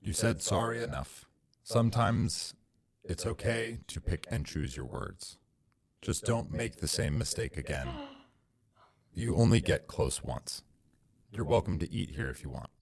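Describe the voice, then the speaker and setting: A man voicing a quiet non-human male creature whose typed words play back through a slightly robotic voice. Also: sits low, expressive, measured pace, vocal fry, long pauses, slightly rough, exaggerated voice. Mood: dry, calm.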